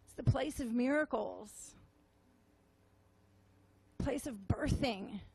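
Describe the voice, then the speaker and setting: High-voiced, slow, emotional woman preacher. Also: gravelly, slightly rough. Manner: tearful, halting, repeats words, gentle. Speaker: prophetic minister. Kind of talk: emotional sermon testimony. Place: meeting room with audience.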